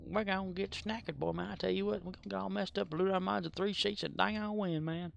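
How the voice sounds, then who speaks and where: A man imitating a rambling cartoon neighbor, slurring and mumbling his words in a drawl, pitched up. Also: fairly even intonation, a little fast, creaky, slight background noise.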